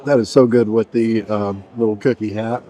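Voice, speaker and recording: This middle-aged vlogger reviews a buffet from inside the restaurant, speaking in a lowish, dark voice with fairly even intonation at a moderate pace. He's chatty and rambling, trailing off mid-sentence as he eats.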